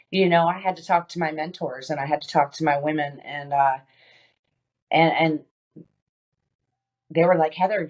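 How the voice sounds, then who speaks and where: A woman being interviewed on a podcast, telling a personal story with many pauses, fillers and restarts. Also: low-pitched, a little mellow. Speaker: podcast guest.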